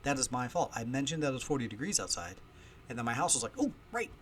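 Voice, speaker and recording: A man hosting a casual solo podcast from home, chatty and storytelling, with loudness that swings often. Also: medium pitch, animated, quick pace, a little hiss or hum. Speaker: podcast host. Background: faint ambience of heating and kids upstairs.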